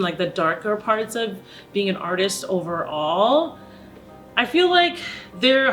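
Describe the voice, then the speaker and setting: A woman's voice: mid-range voice, fairly bright tone. A young adult woman, an opera singer speaking openly in a documentary interview, with many "like" fillers. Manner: open and reflective, heavy use of "like" as a filler.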